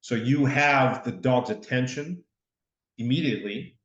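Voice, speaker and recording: A man's voice: medium pitch, unhurried. A man co-hosting a podcast, chatting casually and easily with short agreeing replies. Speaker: podcast co-host. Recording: dull, roomy sound.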